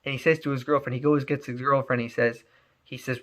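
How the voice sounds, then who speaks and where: Bright-voiced man telling a story. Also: mid-range voice, brisk. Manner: animated, emphatic, many repeated words. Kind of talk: spoken storytelling.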